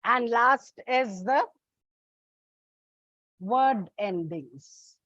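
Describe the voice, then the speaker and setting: Female English teacher, high voice, slow and deliberate delivery, dull lo-fi recording. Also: expressive, fairly bright tone, dry recording. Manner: slow, deliberate, addresses students as children. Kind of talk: classroom lesson.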